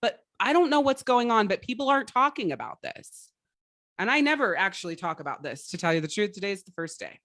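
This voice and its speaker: A woman's voice: mid-range voice, expressive, brisk, a bit bright, no room sound, clean studio sound. A woman life coach giving a motivational livestream talk, blunt and profane, rambling with frequent restarts.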